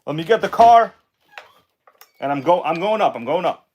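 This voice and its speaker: A man hosting a casual live stream, chatting excitedly with viewers and reading their comments aloud. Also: fairly high pitch, normal speed, highs cut off, a little hiss or hum. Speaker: RC car livestream host.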